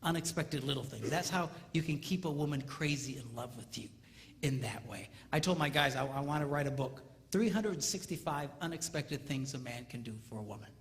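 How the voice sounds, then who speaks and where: A man giving a comedic seminar talk on marriage, animated and mimicking squealing women in falsetto. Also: a little fast. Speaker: comedic relationship speaker. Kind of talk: stand-up style seminar talk. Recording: live hall, faint ambience.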